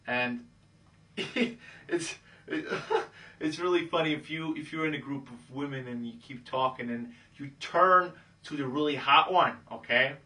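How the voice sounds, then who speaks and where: Breezy bright-voiced man coaching dating. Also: mid-range voice, unhurried, distant mic. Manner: breezy, acts out pickup lines in quoted voices, says "okay?" a lot. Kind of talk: casual instructional talk.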